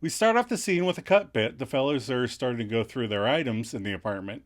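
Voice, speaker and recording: A man co-hosts a podcast, walking through a sitcom episode scene by scene. His delivery is playful and lively, his pitch moving widely, at a mid pitch for a man. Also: fast talker. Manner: playful, reads quotes in voices. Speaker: podcast co-host. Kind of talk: casual recap reading scenes aloud.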